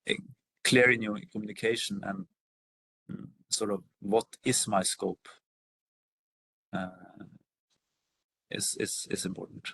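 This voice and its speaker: Hesitant, husky low-voiced man. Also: steady tone, slow, pauses often, a bit bright, no room sound, rough recording. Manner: hesitant, many fillers and restarts. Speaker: workshop panelist. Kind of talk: online workshop answer.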